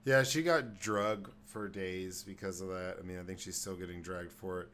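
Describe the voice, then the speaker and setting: Sarcastic lower-voiced podcast co-host man. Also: fairly even intonation, normal speed, fairly bright tone, slight background noise. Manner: sarcastic, blunt, swears freely. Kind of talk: casual podcast chat.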